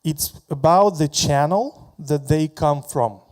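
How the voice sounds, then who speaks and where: A man giving a conference talk about his product, halting often and repeating words as he walks through slides. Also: fairly high pitch, darkish tone.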